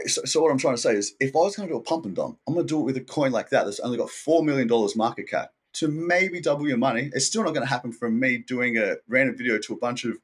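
A man's voice: mid-range voice, fast, few pauses, husky. A man, the guest on a podcast interview, talking casually and with slang, telling his story with energy and acting out what other people said. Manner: casual and slangy, many "like" and "dude" fillers.

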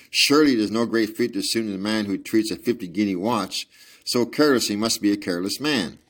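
Man reading as a brilliant male detective, precise, measured, lecturing, low voice. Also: close to an everyday voice. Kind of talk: audiobook reading with asides.

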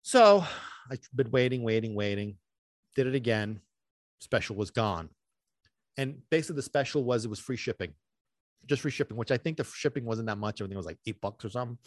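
Man, podcast host, animated rambling storytelling, mid-pitched voice, dry close sound. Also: a little fast, no room sound. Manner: animated, rambling, swings between loud and muttered.

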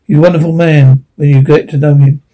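A man's voice: fairly high pitch, steady tone, brisk, dark tone, lightly acted, rough recording. A man reading as a trembling tearful young woman. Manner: trembling, small voice. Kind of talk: audiobook reading.

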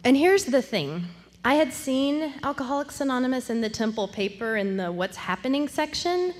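A woman's voice: sits high, animated, normal speed, in a large hall, a little hiss or hum. A woman sharing her recovery story in a candid, self-deprecating way, laughing often and acting out what others said. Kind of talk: storytelling talk.

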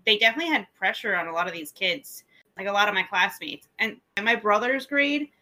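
A woman's voice: medium pitch, animated, a little fast, sharp tone, rough recording. A woman co-hosting a podcast in casual chat, chatty and blunt, swearing freely. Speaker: podcast co-host.

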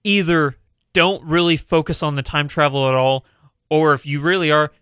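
A male podcast co-host with a bright, clear, fairly high voice, chatting in an easygoing way. He sounds close and dry on the mic. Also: steady tone, moderate pace, no echo. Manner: easygoing, short agreeing replies. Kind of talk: casual podcast chat.

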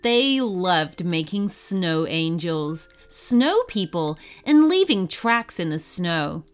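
Slow, expressive woman reading a storybook. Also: medium pitch. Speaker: narrator.

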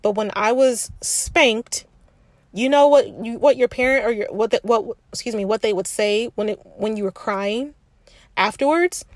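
Calling the listener sis, this self-help podcast host talks with frank, confiding reflection, often restarting as she thinks out loud. Her voice sits fairly high, her pace is moderate, and there's no room sound.

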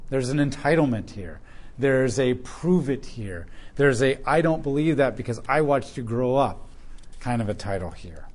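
A man preaching through a Bible passage, animated as he acts out the voices of the people in the story. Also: mid-range voice, moderate pace. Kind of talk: expository Bible teaching.

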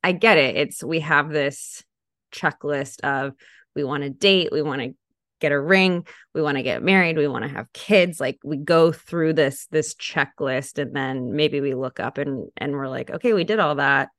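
A woman hosts a conversational podcast in a notably low voice for a woman. Her talk is casual and reflective, sprinkled with "like," and the sound is close and dry with no room around it. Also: unhurried, fairly bright tone, no echo. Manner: casual, thoughtful, many "like" fillers. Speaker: podcast host.

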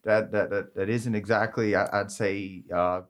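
A low-pitched man, a guest on a podcast, who talks casually and hesitantly. He often repeats words as he gets going. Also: steady tone, measured pace.

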